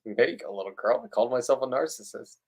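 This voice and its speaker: A man's voice: mid-range voice, lively intonation, fast, darkish tone. A man talking to the camera in a casual fishing vlog, blunt and rambling, joking about himself. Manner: blunt, rambling, self-deprecating. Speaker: fishing vlogger.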